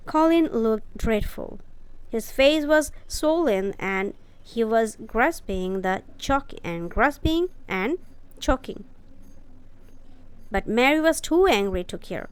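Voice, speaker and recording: A woman reading a story aloud for English learners, carefully and deliberately, with short asides explaining the pictures. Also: a little high, lively intonation, smooth.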